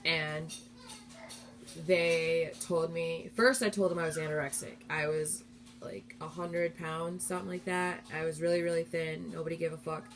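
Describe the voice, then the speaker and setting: A woman's voice: low voice, flat delivery, moderate pace. A young adult woman hosting a live stream, talking candidly and heartfelt in a rambling, casual way.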